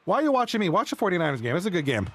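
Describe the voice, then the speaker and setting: Excitable rambling male streamer. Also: high-pitched, rapid-fire, no room sound, faint music behind. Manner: rambling, excitable, chats with viewers. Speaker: live streamer and league commentator. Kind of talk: casual live-stream chat.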